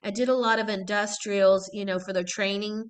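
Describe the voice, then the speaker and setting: A middle-aged woman from Texas, an actress telling stories in a casual interview, animated and laughing often. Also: mid-range voice, fairly quick, clean tone. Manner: animated storyteller, laughs often, acts out quotes. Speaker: guest actress.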